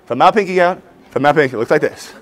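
A man in his forties giving an energetic conference workshop for teachers, acting out his students' voices. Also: a little high, fast talker. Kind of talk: lively conference talk with demonstrations. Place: conference hall before an audience.

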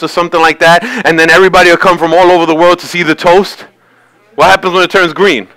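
A man's voice: high voice, fairly even intonation, fast, a bit bright, rough recording. A man preaching a sermon as pastor in a church, talking conversationally and acting out quoted voices.

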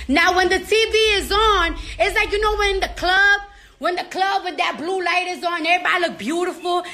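A very high, bright-toned woman rants bluntly and crudely to her camera. Her voice rings out in a roomy, echoing space, heard from a distance away. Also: normal speed. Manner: brash, profane, blunt. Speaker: celebrity vlogger. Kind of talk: casual monologue to camera.

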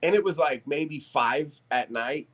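A man, a podcast guest, telling a story in casual chat, animated and profane, laughing as he talks. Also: on the high side, unhurried.

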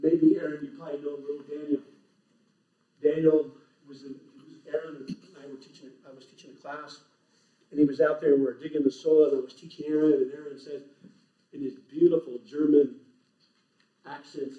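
A man's voice: a little high, flat delivery, a little fast. Emphatic man lecturing in an echoey hall. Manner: emphatic, preacherly, punchy short phrases. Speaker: conference speaker. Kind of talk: animated lecture to a live audience. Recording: echoey hall, distant, dull lo-fi.

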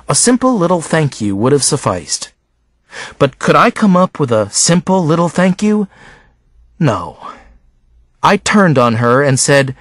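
A man narrating a novel in the first person as an audiobook reader, with an expressive, unhurried delivery. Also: fairly high pitch, no room sound.

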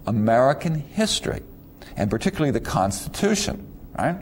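A man's voice: mid-range voice, big pitch swings, a little fast, a little hiss or hum. A middle-aged man giving a conversational university lecture, asking rhetorical questions and stumbling over repeated words. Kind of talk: recorded lecture to students.

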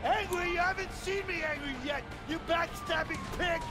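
Um fugitivo furioso e armado. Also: male voice, very high voice, steady tone, moderate pace. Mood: bitter. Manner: shouting threats, furious. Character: desperate adult male fugitive with a gun. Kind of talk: video game dialogue. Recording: loud game music and gunfire.

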